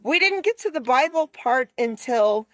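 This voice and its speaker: A woman's voice: high voice, expressive, normal speed, dry recording, clean studio sound. A woman co-hosting a podcast, telling a story in a casual chat and acting out both sides of the conversation. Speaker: podcast co-host.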